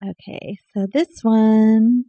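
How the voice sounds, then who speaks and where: A woman poet giving a live poetry reading, expressive in her poems and soft and chatty in the asides between them. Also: on the high side, takes it slowly, no echo, narrow, tinny audio. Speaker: featured poet. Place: poetry night venue.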